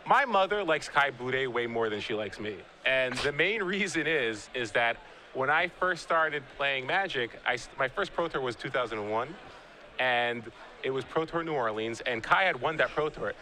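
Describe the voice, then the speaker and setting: Bright-voiced chatty male commentator. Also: mid-range voice, moderate pace, a little hiss or hum. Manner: chatty, animated storyteller with frequent restarts. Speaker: guest commentator, pro player. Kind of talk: live game commentary and anecdote.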